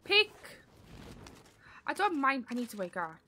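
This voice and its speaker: A woman streaming a game early in the morning, chatting to viewers in a croaky, sleepy voice and laughing loudly. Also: high-pitched, big pitch swings, unhurried, slight background noise. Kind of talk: casual chat while gaming live.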